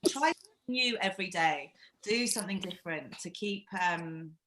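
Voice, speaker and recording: Bright-voiced woman leading an acting workshop. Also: lowish voice, moderate pace, roomy sound, poor audio. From England. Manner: encouraging, reflective, animated emphasis. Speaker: workshop leader. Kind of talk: live-streamed acting workshop.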